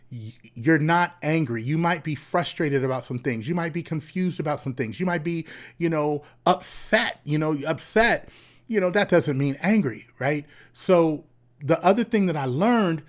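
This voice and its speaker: Man, a therapist talking casually. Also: on the high side. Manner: conversational, repeats words, frequent tag questions. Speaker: therapist and host. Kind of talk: casual talk to camera.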